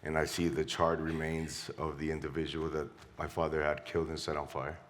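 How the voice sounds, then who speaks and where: A man's voice: extremely low pitch, little pitch movement, a little fast, a little hiss or hum. A middle-aged man from Colombia, a guest on stage, animatedly retelling a story and quoting voices. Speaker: interview guest. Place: live event stage.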